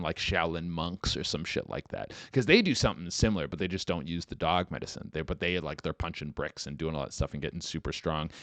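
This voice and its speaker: A man hosting a podcast in casual, rambling talk, full of swearing and fillers, getting animated when excited. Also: low-pitched, no echo. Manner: rambling, profane, lots of "like" and "dude". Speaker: podcast host.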